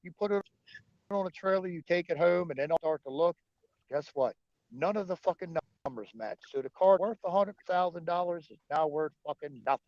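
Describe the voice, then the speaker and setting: A man on a livestream rants and argues with his viewers, swearing hard at every turn. His voice sits a little high. The sound is dry and muffled, like cheap stream audio. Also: brisk, no room sound. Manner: profane, angry, argumentative. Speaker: livestream host. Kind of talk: heated livestream rant.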